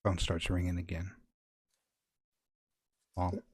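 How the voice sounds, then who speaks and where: A man's voice: low voice, completely flat delivery, takes it slowly, slightly rough. A man narrating as game master of a tabletop horror game, improvising scenes with wry, playful asides.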